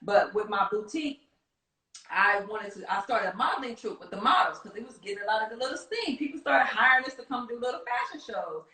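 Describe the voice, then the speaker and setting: A woman from Kansas City with a Midwestern accent, a casting director telling animated stories in an interview and laughing often. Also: on the high side, fairly quick, reverberant, rough recording. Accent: Midwestern American. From Kansas City, United States. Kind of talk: storytelling interview.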